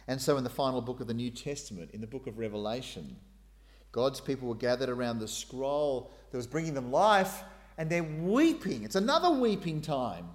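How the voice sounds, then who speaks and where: A middle-aged man preaching a sermon, dramatizing God's questions with sudden raised, emphatic lines. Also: medium pitch.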